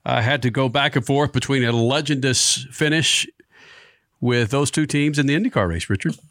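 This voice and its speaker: A man hosting a sports talk show, playful and quick to laugh. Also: mid-range voice, no echo, clean studio sound. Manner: laughs easily, lively and playful. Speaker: sports radio host.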